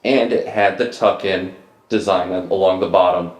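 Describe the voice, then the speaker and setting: A man hosting a podcast, telling stories in a deadpan, mock-grandiose way in casual comedic chat. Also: deep voice, moderate pace. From Mississippi, US. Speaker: podcast host. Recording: echoey room.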